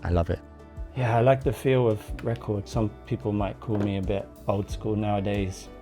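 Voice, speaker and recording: A man casually narrating a day-in-the-life vlog in a relaxed, chatty way, often saying "like". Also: on the low side, normal speed, faint music behind. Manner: laid-back, chatty, says "like" often. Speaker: designer vlogging his day. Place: around his home city, home, café and office.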